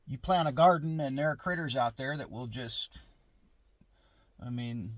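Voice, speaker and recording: A man's voice: fairly high pitch, no room sound. A middle-aged man vlogging from a parked car in his garage, musing in a rambling, casual way with restarts and asides.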